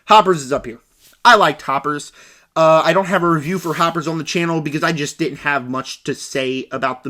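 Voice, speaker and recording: A man's voice: on the high side, sharp tone. Emphatic ranting man reviewing movies. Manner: emphatic, ranting, repeats words for stress. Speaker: film reviewer. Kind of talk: casual video review. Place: home desk.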